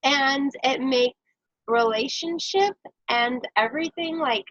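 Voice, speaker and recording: High bright joking woman on a lo-fi call. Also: takes it slowly, no room sound. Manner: joking, rambling, self-mocking. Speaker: host. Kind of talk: casual chat.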